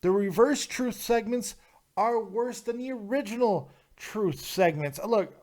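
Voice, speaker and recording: A man's voice: sits high, a little slow, a little mellow. A man hosting a live call-in review show, talking in a brash, profane, mocking way as he answers chat comments. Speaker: show host reviewing wrestling.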